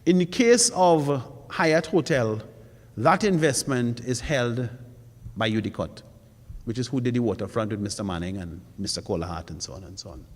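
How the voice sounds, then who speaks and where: A man's voice: medium pitch, moderate pace. Emphatic man in a hall. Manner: emphatic, rhetorical questions, repeats for stress. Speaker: forum panelist. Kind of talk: public forum speech. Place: college forum hall. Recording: long hall reverb.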